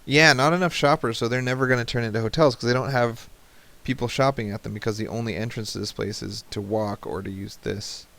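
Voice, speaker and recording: A man's voice: lowish voice, flat delivery, a little fast, vocal fry. A man in his thirties hosting a let's play, chatting casually and joking at the game as he plays. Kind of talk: casual gameplay commentary.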